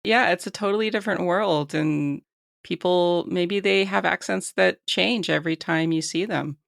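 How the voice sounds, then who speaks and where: A woman's voice: fairly low pitch, normal speed, creaky, dry recording, studio quality. A woman hosting a podcast, asking friendly questions in a casual interview.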